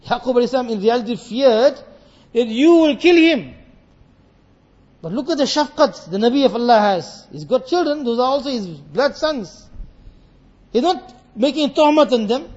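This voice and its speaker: A man giving a sermon on a Quran passage, reciting verses and explaining them with lively acted dialogue. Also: very high voice, moderate pace, highs cut off. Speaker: Islamic scholar teaching Quran commentary.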